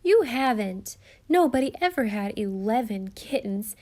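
A woman's voice: fairly high pitch, lively intonation, unhurried, darkish tone. A woman voicing a sulky, scornful young girl in a storybook reading.

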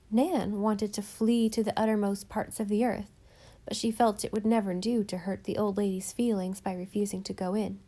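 A woman reading a storybook aloud as narrator, with a mid-range voice for a woman. Her delivery is measured and even, in the steady manner of scripted narration. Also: mid-range voice. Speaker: audiobook narrator.

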